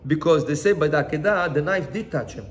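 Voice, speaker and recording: A man teaching as a rabbi in a relaxed, chatty way, telling stories and asking his listeners questions. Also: fairly high pitch, fast talker, slight background noise. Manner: chatty, asks the listeners questions, mixes in Hebrew phrases. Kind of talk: informal Torah lesson with storytelling.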